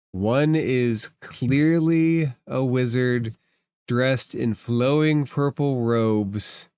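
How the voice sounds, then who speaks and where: Slow, smooth-voiced male game master. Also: medium pitch, dry recording. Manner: slow, deliberate narration. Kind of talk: narrating a tabletop game.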